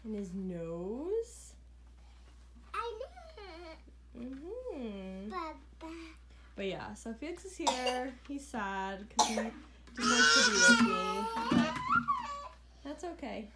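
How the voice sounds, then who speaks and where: A young woman vlogging casually at her parents' house, chatting and calling out excitedly to her toddler and dog. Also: high voice, very slow, long pauses, reverberant, heavy background noise. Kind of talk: casual home vlog.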